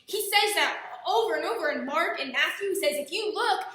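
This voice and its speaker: Young woman vlogger, earnest and chatty, high bright voice, very echoey room. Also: lively intonation, brisk. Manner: earnest, talkative, many restarts. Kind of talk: casual personal vlog. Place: indoors at home.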